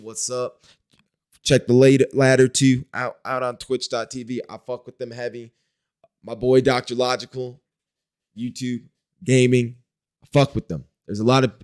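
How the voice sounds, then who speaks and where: A young man speaking straight to his camera in a loose, diary-style vlog. His voice is smooth and clear, at an ordinary pitch for a man. He wanders from thought to thought, full of slang and easygoing fillers. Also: a little mellow. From Wisconsin, US. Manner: rambling, slangy, frequent "like" and "you know". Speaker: vlogger. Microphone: talking to a camera.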